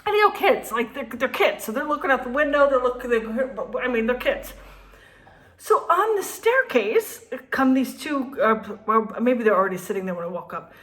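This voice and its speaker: Animated New woman in her fifties. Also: on the high side, normal speed. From New Jersey. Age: 50s. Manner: animated, laughing, swears. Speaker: vlogger. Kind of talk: casual storytelling.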